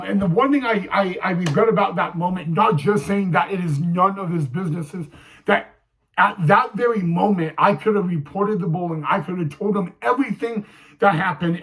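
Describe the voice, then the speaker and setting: A young man telling a personal story to camera, halting, with many fillers and restarts. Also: sits high, fairly bright tone, rough recording. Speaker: vlogger.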